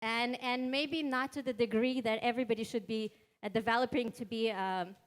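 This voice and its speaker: Lively woman panelist explaining body language. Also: a little high, normal speed. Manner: energetic, demonstrative, asks the audience questions. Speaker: panelist, behavioral analyst. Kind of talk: panel discussion answer. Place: conference hall.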